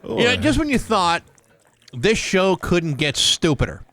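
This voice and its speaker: A man's voice: sits high, sing-song, a little slow, bright, forceful tone, a little hiss or hum. A male morning radio host, reading time checks and trading dry, sarcastic banter.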